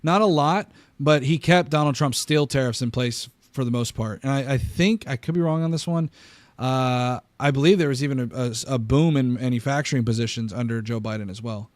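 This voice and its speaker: A man's voice: mid-range voice, fairly quick, no room sound. A man hosting a political commentary stream, arguing emphatically with frequent restarts. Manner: argumentative, emphatic, restarts and stammers. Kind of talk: casual reaction commentary.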